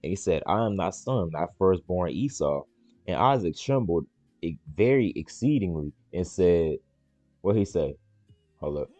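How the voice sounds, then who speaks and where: A man on a live stream reading the Bible aloud and explaining it in casual slang, repeating words and jumping into high excited voices for the characters. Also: a little slow, dry recording, soft background music. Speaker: stream host reading scripture.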